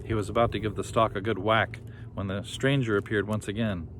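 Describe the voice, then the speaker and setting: A man reading a children's story aloud with lively, expressive narration. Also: lowish voice, a little fast, a little hiss or hum. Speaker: reader.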